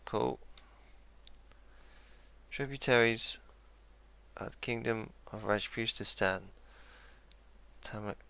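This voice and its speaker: Gravelly slow-talking gamer. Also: male voice, on the low side, steady tone, sharp tone. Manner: musing aloud, self-correcting, dry asides. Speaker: let's play gamer. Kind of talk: casual game commentary.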